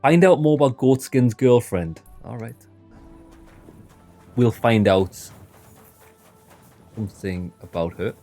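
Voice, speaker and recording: A man with a Sunderland accent giving casual commentary while playing a game, chatty and quick to laugh. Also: medium pitch, lively intonation, dark tone, faint music behind. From north-east England. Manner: chatty, laughing, mimics dialect. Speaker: gaming let's-player.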